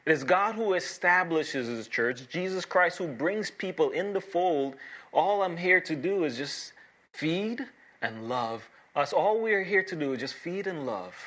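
A man preaching a sermon as pastor, earnest and emphatic, with dramatic pauses and repeated key phrases. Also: a little high, animated, fairly bright tone.

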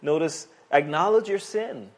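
Male pastor, sermon delivery, animated and emphatic, voice sits a bit high. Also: a little slow. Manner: animated, emphatic preaching with vivid asides.

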